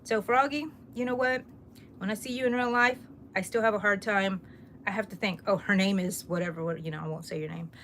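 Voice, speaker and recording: Middle-aged lady chatting on her crochet live stream, reading comments out, laughing a lot, mid-pitched voice. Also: steady tone, fairly quick, a bit bright, a little hiss or hum. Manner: chatty, reads viewer comments aloud, laughs often. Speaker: crochet livestream host. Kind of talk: casual live-stream chat.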